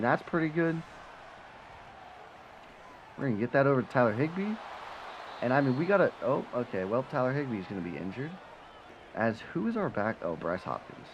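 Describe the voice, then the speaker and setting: A young man giving casual, animated commentary over a football video game, cursing and swinging between frustration and excitement. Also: medium pitch. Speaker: gaming commentator. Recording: slightly dull sound, faint background noise.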